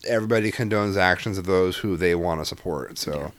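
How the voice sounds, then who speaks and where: Low-voiced guy rambling about his kids, swears a lot, dry sound. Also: brisk, dry recording. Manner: rambling storyteller, swears freely, restarts a lot. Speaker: father. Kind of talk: casual chat.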